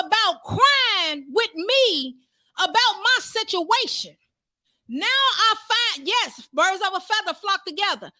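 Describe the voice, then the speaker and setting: High, bright-voiced woman preaching fervently. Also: dry recording. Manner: fervent, rising to shouts, calls out to the congregation. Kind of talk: sermon.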